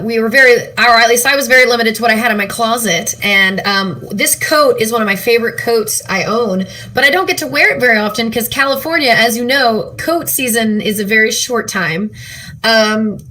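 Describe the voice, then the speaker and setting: A woman's voice: a little high, pushed and bright. Giggly, rambling woman on a video call. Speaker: player. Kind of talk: casual out-of-character chat.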